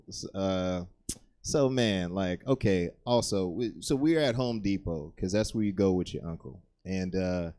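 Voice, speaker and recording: A male stand-up comedian tells a meandering story from a theater stage. His delivery is loose and rambling, full of restarts, and he leaps up in pitch whenever he acts out someone else. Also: a little mellow.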